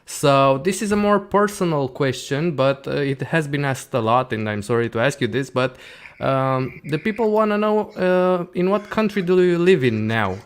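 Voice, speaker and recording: A man's voice: a little high, normal speed, clean tone. A man whose first language is Romanian, hosting and interviewing a guest in English, often rephrasing and summarizing the guest's answers. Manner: steady questioner, rephrases and summarizes the guest's points. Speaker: channel host interviewer. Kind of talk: interview questions.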